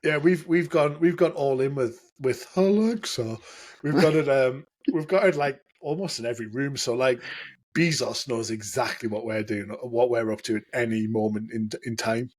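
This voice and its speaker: A man's voice: mid-range voice, steady tone, moderate pace, a little mellow, slightly rough. A man co-hosting a podcast, chatting casually and joking, laughing often. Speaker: podcast co-host. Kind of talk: casual chat.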